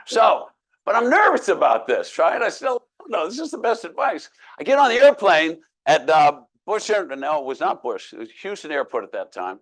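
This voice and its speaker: Older male keynote speaker, slightly high voice, self-deprecating storyteller with a folksy humor. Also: big pitch swings, normal speed, fairly bright tone. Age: 60s.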